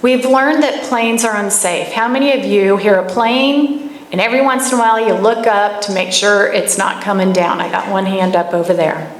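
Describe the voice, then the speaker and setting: A woman speaking at a camp gathering gives a live talk, telling stories and putting pointed questions to the room. Her voice is mid-range at a moderate pace, and the recording carries echo and faint background noise.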